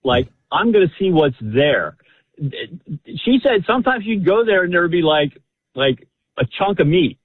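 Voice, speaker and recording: A man's voice: fairly high pitch, breathy edge, no echo. A man calling in to a radio show, telling a family story in an eager, rambling way with lots of fillers. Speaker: caller. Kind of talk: phone-in storytelling. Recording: tinny phone line.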